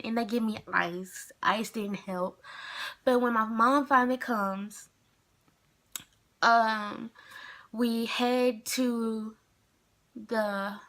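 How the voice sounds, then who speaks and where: A woman's voice: a little high, fairly bright tone. A young adult woman telling a casual storytime vlog, chatty and rambling with lots of fillers. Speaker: vlogger.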